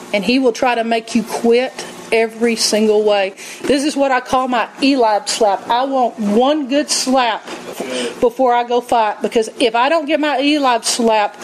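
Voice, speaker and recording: A woman preaching a sermon, telling stories in an animated way and acting out quotes. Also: fairly high pitch, a little hiss or hum, low-quality recording. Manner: animated storytelling, acts out quotes, laughs often.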